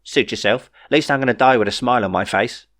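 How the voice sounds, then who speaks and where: A man's voice: medium pitch, fast, a bit bright, close to an everyday voice. A man voicing a cheeky, optimistic man who talks in an upbeat, teasing way in a storybook reading.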